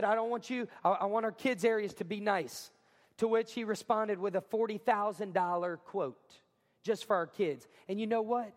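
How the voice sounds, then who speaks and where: High-voiced energetic male pastor in a hall. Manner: energetic, emphatic, repeats lines for effect. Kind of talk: sermon. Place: school cafeteria or gym used as a church.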